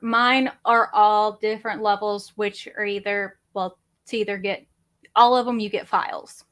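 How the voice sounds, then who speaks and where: A woman's voice: mid-range voice, fairly bright tone. A woman, hosting a casual livestream chat from her home office in a rambling, chatty, self-deprecating way. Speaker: crafting channel host.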